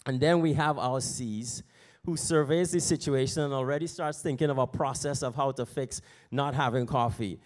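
A man's voice: mid-range voice, moderate pace. A man preaching as a pastor, telling a story in a conversational way. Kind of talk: sermon with story.

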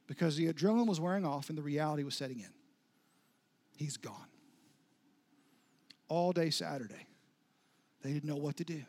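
A pastor preaching a sermon, retelling a story with dramatic soft drops and rising intensity. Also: male voice, on the high side, normal speed, long pauses.

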